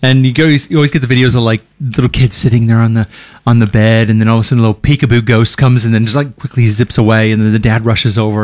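A middle-aged man chats in a relaxed, jokey way. His pitch sits in the middle, and he drops lower whenever he quotes someone. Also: dry recording. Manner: lively, jokey, drops low for quoted voices. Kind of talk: casual chat.

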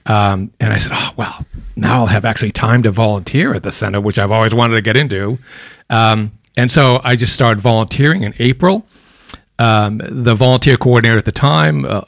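Radio guest, American man, fifties, low-voiced, dry studio sound, chatty. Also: no echo. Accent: softened American, mixed. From Boston, USA. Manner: chatty storyteller, self-deprecating jokes. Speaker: guest, volunteer coordinator. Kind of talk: casual radio interview.

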